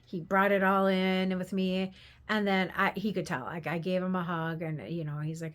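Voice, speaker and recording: A woman's voice: on the low side, little pitch movement, normal speed, fairly bright tone. An older woman telling a candid, rambling story in a casual vlog, laughing at her own mishaps. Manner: rambling, candid, self-deprecating, laughs while telling stories. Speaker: craft vendor vlogger.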